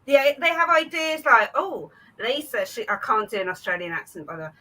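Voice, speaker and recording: A woman's voice: on the high side, big pitch swings, fast, pushed and bright, low-quality recording. A woman comedian telling dry, self-mocking stories on a headset over a video call. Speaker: comedian panelist. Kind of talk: stand-up style chat on a video call.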